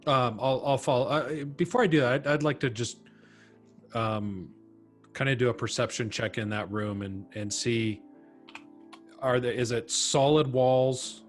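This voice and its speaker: A man's voice: mid-range voice, a little slow, soft background music. A man playing a tabletop game, talking hesitantly and restarting as he works out his character's move. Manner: hesitant, lots of ums and restarts. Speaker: player. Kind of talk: casual tabletop game play.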